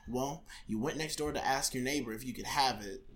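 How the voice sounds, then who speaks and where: A man's voice: mid-range voice, brisk, fairly bright tone. A man co-hosting a podcast in casual chat, exasperated and dramatic, swearing freely. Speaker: podcast co-host. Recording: roomy echo.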